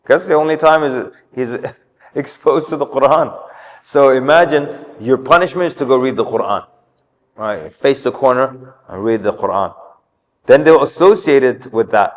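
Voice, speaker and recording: Male speaker, mid-pitched, lively storyteller giving an informal religious talk; long reverb of a big hall. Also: normal speed. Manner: storytelling, acts out quotes. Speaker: community speaker. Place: mosque hall.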